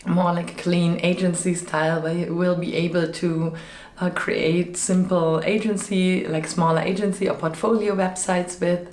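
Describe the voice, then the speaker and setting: A woman's voice: fairly low pitch, level tone, normal speed, darkish tone. A woman who designs web themes, talking in a rambling, chatty vlog style with lots of fillers, her voice a little off after being sick. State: voice slightly off after illness. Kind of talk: casual vlog chat. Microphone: microphone with fluffy windscreen. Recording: echoey room.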